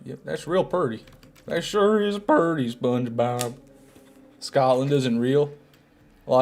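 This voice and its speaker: A man's voice: mid-range voice, creaky, a little mellow. A man streaming a game, chatting casually and joking while he answers viewers' chat. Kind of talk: casual gameplay commentary, reading chat.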